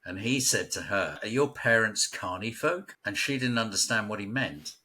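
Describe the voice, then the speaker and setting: A man's voice: lowish voice, expressive, moderate pace, sharp tone, breathy edge. An English man from West London, chatting casually as a local guest and telling stories with frequent laughs. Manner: chatty storyteller, laughs often. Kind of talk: casual conversation.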